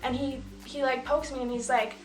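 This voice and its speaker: A woman's voice: sits high, fairly even intonation, normal speed. A woman in her twenties casually telling a story, chatty and full of fillers, often laughing as she talks. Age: 20s. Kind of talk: casual story time chat. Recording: echoey room with faint music.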